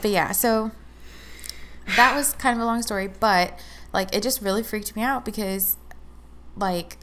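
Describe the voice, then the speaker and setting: A young woman in her twenties tells a long personal story in a loose, chatty way. She fills her speech with "like" and slips into quoted back-and-forth. Her pitch sits in the middle for a woman. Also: a little slow, a bit bright. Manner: chatty, fillers of "like", acts out quoted dialogue. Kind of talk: casual storytelling chat.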